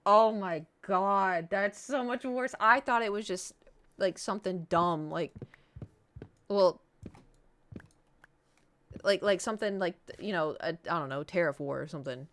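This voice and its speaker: A woman's voice: mid-range voice, unhurried, long pauses, a bit bright. A woman streaming, chatting casually and animatedly with her viewers. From United States. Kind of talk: casual chat with chat.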